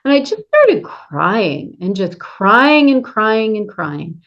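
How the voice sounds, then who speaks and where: A woman's voice: mid-range voice, big pitch swings, slow. A woman hosting a casual conversation, speaking candidly and personally and laughing easily. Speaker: host. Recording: dull lo-fi sound.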